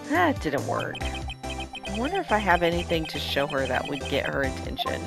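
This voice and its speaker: A woman's voice: low voice, wildly swooping pitch, normal speed, gravelly, music in the background. A woman casually playing through a game and reading its dialogue, playful and chatty with some laughter. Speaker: let's play gamer.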